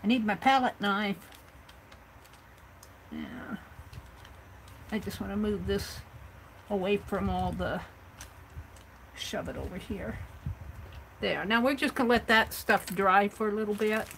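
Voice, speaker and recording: A woman's voice: medium pitch, slow pace, long pauses, a bit bright, slight background noise, rough recording. A woman hosting a craft livestream, chatting casually and thinking aloud as she works on an art journal.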